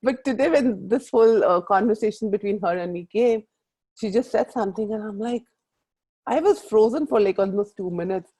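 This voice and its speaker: A middle-aged Indian-accented woman coaching a group over a call. Her voice is soft and mellow, and she talks in long, earnest, rambling runs, often calling out to her listeners directly. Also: medium pitch, normal speed, breathy edge, poor audio. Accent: Indian English. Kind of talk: motivational group call talk.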